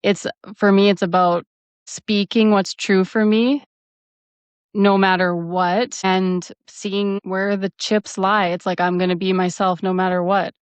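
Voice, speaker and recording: A woman's voice: medium pitch, flat delivery, measured pace, clean tone, dry recording. A woman co-hosting a podcast, speaking in a reflective, earnest way. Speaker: podcast co-host. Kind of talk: casual chat. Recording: dull lo-fi audio.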